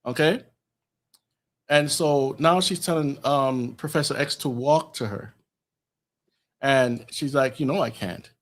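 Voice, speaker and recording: Slow, rambling man recapping a film. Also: mid-range voice, steady tone. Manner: rambling plot recap full of ums and restarts. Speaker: podcast co-host. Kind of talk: casual podcast chat.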